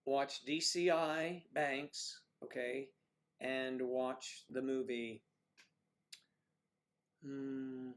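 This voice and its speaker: A man hosting a casual livestream, talking at an ordinary middle pitch. He chats loosely, teases his viewers and keeps dropping jokey asides. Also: steady tone, drawn-out words, long pauses, fairly bright tone. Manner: chatty, teasing, jokey asides. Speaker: livestream host. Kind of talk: casual chat reading viewer comments.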